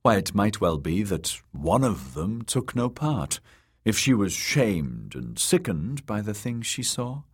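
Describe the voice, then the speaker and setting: A man voicing a soft-spoken, sly noblewoman who soothes and coaxes. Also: fairly low pitch, slightly rough, voice pushed up, heavily acted. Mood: scheming.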